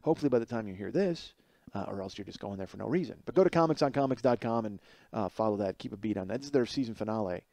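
A man in his forties hosting his own podcast, telling a rambling comic story that climbs higher and louder as he gets worked up. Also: animated, very fast, vocal fry, dry recording. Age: 40s. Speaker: podcast host. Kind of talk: casual comedic monologue.

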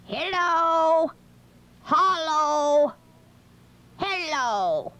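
A shrill Wicked Witch. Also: lively intonation, drawn-out words, exaggerated voice. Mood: chanting. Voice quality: shrill, piercing and very high. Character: shrill cruel old Wicked Witch, female. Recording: dull lo-fi vintage record with loud hiss.

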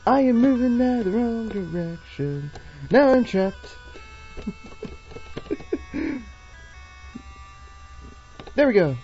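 A woman's voice: a little high, lively intonation, very slow, long pauses, warm tone. A young woman giving casual, giggly commentary while playing a game and reading its text aloud. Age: young adult. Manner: giggly, chatty, reads on-screen text aloud. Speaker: let's play gamer. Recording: dull lo-fi recording with faint game music.

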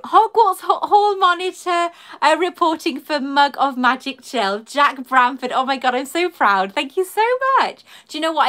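A woman with a fairly high voice, talking on a live stream. She is effusive and chatty, warmly greeting viewers as she goes. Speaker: YouTuber and collector.

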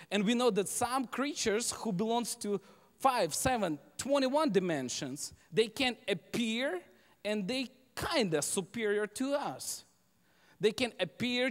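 A man's voice: sits high, big-room sound. A male pastor with non-native English preaching a sermon, emphatic and repetitive, often asking the congregation "right?". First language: Russian. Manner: emphatic, repeats key phrases, asks the congregation "right?". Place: church sanctuary.

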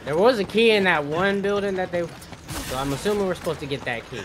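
A man's voice: high-pitched, a little fast, background noise. A man playing a co-op game with a friend, chatting casually, boastful and joking, laughing a lot. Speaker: co-op gaming partner. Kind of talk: casual co-op gameplay chat.

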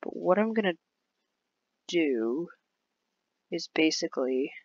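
A playful gaming host rambles through casual commentary and drifts into silly sing-song repeats. The voice sits at a middling pitch. The recording is dull and lo-fi, with a dry, close sound. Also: lively intonation, takes it slowly, no echo.

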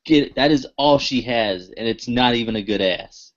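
A man's voice: medium pitch, normal speed, muffled recording. A man co-hosting a podcast in casual chat, rambling with lots of fillers and restarts. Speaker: podcast co-host.

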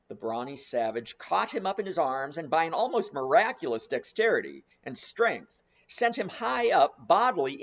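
Expressive male audiobook narrator, lively voice. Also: a little high, creaky, dull audio. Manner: expressive, dramatic reading with slowed, savoured phrasing.

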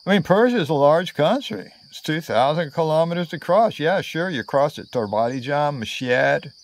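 A man's voice: fairly high pitch, expressive, moderate pace. A man telling a travel story in a casual, meandering way, full of fillers and asides.

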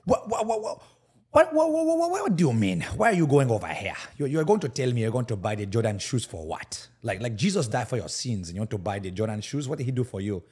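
A man's voice: medium pitch, big pitch swings, quick pace, a little mellow, breathy edge. A man putting on an exasperated Nigerian man with a Nigerian accent who lectures in formal, eloquent words.

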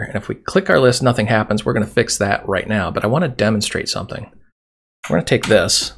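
A man's voice: on the low side, vocal fry. A man hosting a programming tutorial, explaining casually and chatting while he types. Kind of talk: screen-recorded coding tutorial. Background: keyboard typing and mouse clicks.

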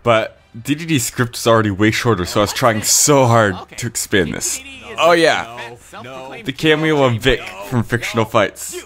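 A man giving rambling casual commentary on his own video, clearing his throat with a cold. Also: mid-range voice, lively intonation, moderate pace, fairly bright tone. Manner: rambling, frequent fillers and restarts. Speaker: creator giving episode commentary.

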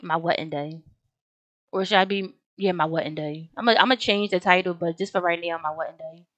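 A woman's voice: lowish voice, a little fast, a bit bright, no echo. A young woman casually commenting on her game as she plays, chatty and slangy, often talking straight to her viewers. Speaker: gaming video host.

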